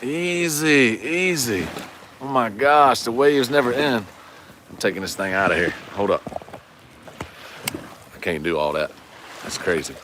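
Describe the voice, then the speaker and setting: A man's voice: sits low, moderate pace, pauses often, noisy background. A man, chatting and joking with viewers during a fishing livestream from a lake shore. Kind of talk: casual livestream chat. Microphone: phone camera.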